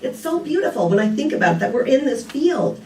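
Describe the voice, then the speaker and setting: A woman's voice: sits high, sing-song, a little fast, darkish tone, a little hiss or hum. An older woman giving a casual sermon, telling stories and asking rhetorical questions in a conversational way. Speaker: speaker at a spiritual community. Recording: echoey room, picked up from a distance.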